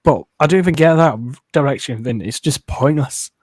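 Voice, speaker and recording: A man's voice: fairly high pitch, animated, moderate pace, a little mellow, breathy edge, no room sound. Rambling man chatting on a stream. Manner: rambling, hesitant with many fillers. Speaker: live streamer. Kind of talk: casual chat.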